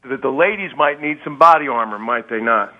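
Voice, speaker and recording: A man's voice: medium pitch, lively intonation, fairly quick. A man calling in to a radio show, hesitant and stammering with a folksy manner. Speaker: radio caller. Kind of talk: phone-in call. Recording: tinny phone line.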